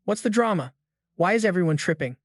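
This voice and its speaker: A man's voice: sits high, lively intonation, brisk, no room sound, studio quality. A man reading a laid-back young male hero. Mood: confused.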